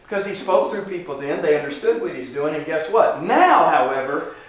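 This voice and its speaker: A high-voiced man leads an informal Bible class, chatting through his points and putting questions to his listeners. The sound is very echoey. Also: big pitch swings, a little fast. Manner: conversational, asks the class questions. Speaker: Bible teacher. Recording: very echoey room from a distance.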